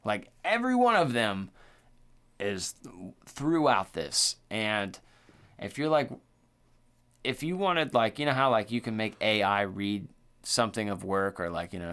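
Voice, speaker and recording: A man co-hosting a horror podcast, talking in a loose, profane, excitable way and filling his speech with "like" and "dude.". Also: fairly low pitch, moderate pace, clear, resonant tone. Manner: animated, profane, full of "like" and "dude". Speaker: podcast co-host. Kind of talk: casual chat.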